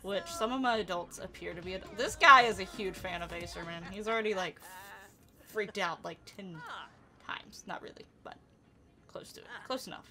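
A young woman casually commenting on her life-simulation game, chatty and giggly, often laughing and calling out loudly at what happens on screen. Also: mid-range voice, normal speed, over music. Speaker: gameplay commentator. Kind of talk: casual let's-play commentary.

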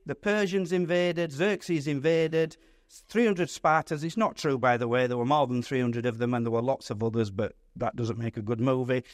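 A man, a pastor, teaching a Bible study in a lively, conversational way, putting questions to his audience. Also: mid-range voice, normal speed, no echo, clean studio sound.

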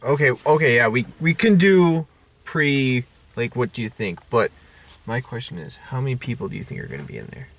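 A man co-hosting a casual movie review chat, quizzing his friends in quick bursts. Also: mid-range voice, animated, a bit bright. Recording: noisy casual recording.

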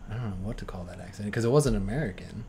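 A man's voice: fairly low pitch, racing, gravelly, dark tone, slight background noise. A man hosting a podcast, chatting casually and rambling about movie trailers with lots of fillers and self-doubt. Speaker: podcast host. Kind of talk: casual trailer reaction chat. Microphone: streaming mic.

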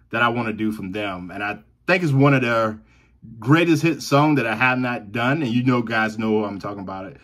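A fairly bright, mid-range male voice with a Southern accent belongs to a reaction video host from the southern US. Talking directly to camera in a relaxed way, he's enthusiastic, repeats himself, and laughs frequently.

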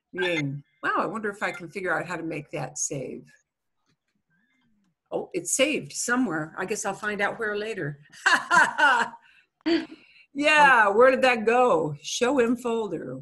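Middle-aged woman teacher, bright husky voice, chatty explainer for an online class. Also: mid-range voice, expressive, takes it slowly. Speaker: Spanish teacher.

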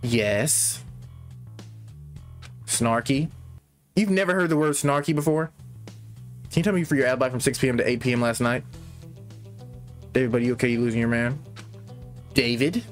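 Hosting a gaming channel, a man reads a game's character lines aloud, breaking off to comment and laugh. He has a mid-range voice at normal speed with long pauses, and faint music plays behind him.

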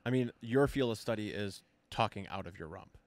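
Podcast co-host, man, low-ish clear voice, dry room, deadpan teasing. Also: fairly quick, no echo. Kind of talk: casual chat.

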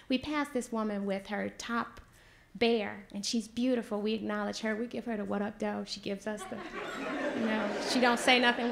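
A woman spins a personal story for a live audience. Her voice has a gravelly fry at its edges. She talks in loose, animated vernacular and acts out other people's lines. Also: medium pitch. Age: 40s. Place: stage before an audience.

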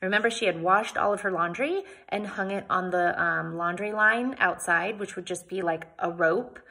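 A woman's voice: mid-range voice, normal speed, vocal fry, bright, forceful tone. A woman reading a novel aloud, giving the characters voices and adding casual recaps between passages. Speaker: book reader.

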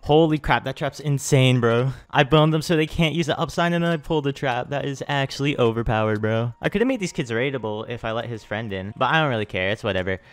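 A young man hosting a gaming channel, giving excitable live commentary on his own play and hyping every win with slang. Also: mid-range voice, quick pace, hardly any pauses, dry recording.

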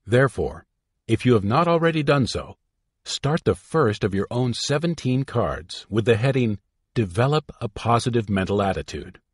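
A man's voice: medium pitch, expressive, normal speed, slightly rough, dry recording, studio quality. A man reading a self-help book aloud in an emphatic, instructive way. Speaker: audiobook reader. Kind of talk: scripted self-help narration.

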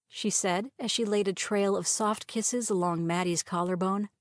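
A woman reading a romantic short story aloud as narrator, in a measured storytelling manner. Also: mid-range voice, no echo, clean studio sound. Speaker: audiobook reader.

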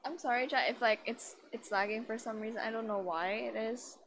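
A woman's voice: on the high side, a little fast, fairly bright tone, a little hiss or hum. A young woman live-streaming a game, chatting giggly and casual to her viewers. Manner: giggly, chatty, talks to chat. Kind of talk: live-streamed gameplay commentary. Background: game music.

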